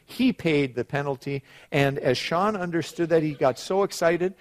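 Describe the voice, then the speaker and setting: A middle-aged man preaching a sermon, moving from quiet asides to loud, emphatic passages and telling stories. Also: a little high, normal speed, few pauses. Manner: storytelling with acted quotes.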